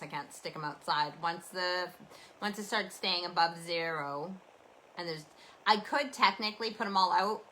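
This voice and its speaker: A woman's voice: deep voice, pushed and bright, slight background noise, rough recording. A Canadian woman hosting a casual rambling chat, talking in a meandering, chatty, self-deprecating way. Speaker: host.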